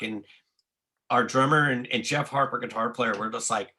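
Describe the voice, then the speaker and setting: Gravelly male storyteller, bright edge, profane, acts out the quotes, podcast guest. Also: mid-range voice, moderate pace. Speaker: guest telling a tour story. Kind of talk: casual storytelling.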